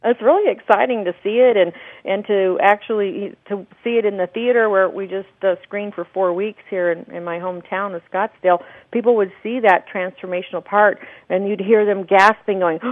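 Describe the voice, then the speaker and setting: A woman's voice: mid-range voice, fairly even intonation, fairly quick, dry recording. A woman, a documentary producer and spiritual teacher, talking earnestly and explaining at length as a guest on a radio interview, laughing often. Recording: tinny phone line.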